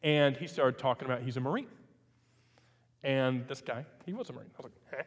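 A male pastor telling a personal story in a sermon, chatting at times and building to loud, emphatic preaching. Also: medium pitch, brisk, breathy edge. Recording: long hall reverb.

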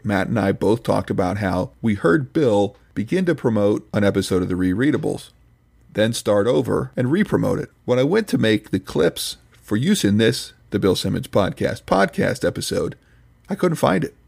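A man's voice: fairly low pitch, lively intonation, normal speed, creaky, a little mellow, husky. A man hosting a podcast, reading scripted commentary in a dry, mock-serious, pedantic manner. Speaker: podcast host reviewing another podcast.

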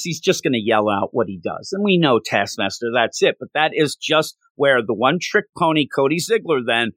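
A man co-hosting a casual comic book chat, ranting in an animated, exasperated way. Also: medium pitch, moderate pace, few pauses, dry recording. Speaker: podcast co-host.

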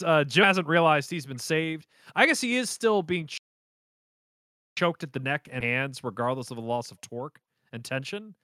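A man in casual chat, recapping a show in a rambling, animated way. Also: on the high side, dry recording, clean studio sound. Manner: rambling, animated storytelling with fillers.

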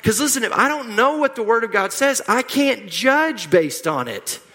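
A man's voice: very high voice, sing-song, normal speed, bright, forceful tone. A middle-aged man preaching a sermon, emphatic and repetitive, leading the congregation in call-and-response. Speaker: pastor. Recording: long hall reverb.

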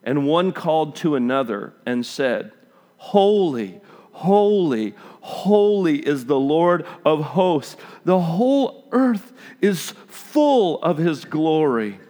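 A man's voice: a little high, very animated, takes it slowly, dark tone. A middle-aged man preaching a sermon, reading scripture and acting out reactions with emphatic exclamations.

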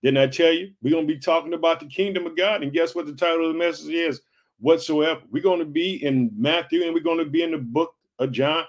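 A man's voice: fairly high pitch, fast talker. A man from Illinois preaching an upbeat podcast sermon, exhorting listeners with repeated rhetorical questions. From Illinois, USA. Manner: exhorting, repetitive call-and-response phrasing.

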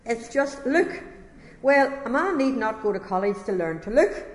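A woman's voice: fairly high pitch, animated, normal speed, lightly acted. A woman voicing an uneducated old-time male lay preacher who exhorts his hearers with impassioned repetition. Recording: echoey hall reverb.

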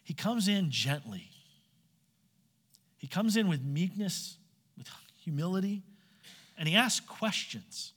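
A man's voice: high-pitched, animated, slow pace, long pauses, fairly bright tone. A man preaching a sermon, asking his listeners direct questions and acting out quoted voices. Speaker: pastor. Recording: long hall reverb.

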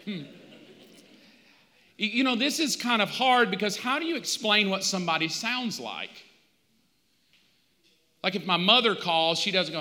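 A man's voice: sits high, lively intonation, moderate pace, sharp tone, long reverb tail. A male pastor, preaching in a conversational, storytelling way with touches of humor. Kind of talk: sermon.

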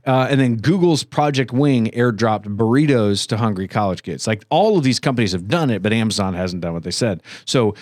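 A man's voice: lowish voice, expressive, brisk, few pauses, a little mellow, no room sound, studio quality. A young man hosting a podcast, chatting casually and rambling with restarts and jokes. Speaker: podcast host. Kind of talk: casual chat.

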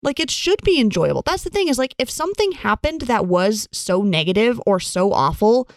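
An earnest woman talks through her thoughts in a relaxed podcast chat, leaning on "like" as she goes. Her pitch moves around a lot, rising and falling as she presses each point. The sound is close and dry. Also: normal speed, dry recording. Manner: earnest, animated, many "like" fillers.

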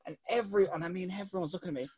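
A fairly high-voiced man tells a rambling road-trip tale with plenty of swearing and energy. He slips into quick impressions of the people he met along the way. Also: breathy edge. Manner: animated, swears freely, mimics people he met. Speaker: guest telling a travel story. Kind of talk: casual anecdote.

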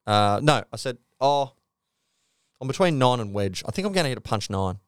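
A man's voice: mid-range voice, sing-song, moderate pace, clear, resonant tone, no echo. An Australian man on a podcast, chatting casually about sport with a mid-range voice. He tells long stories, swears freely and acts out other people's lines. The sound is close and dry, with no room in it. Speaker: podcast co-host.

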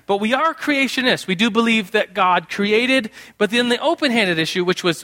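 A man with a high, bright voice teaches a live congregation. He keeps his sermon casual and playful, and he jokes lightly as he explains. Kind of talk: conversational sermon. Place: in front of a live group in a room.

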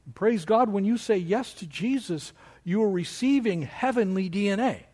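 A man preaching a sermon as pastor of his church, with animated delivery that mocks objections in a raised voice. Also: moderate pace. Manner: animated preaching, mocking quoted objections in a higher voice.

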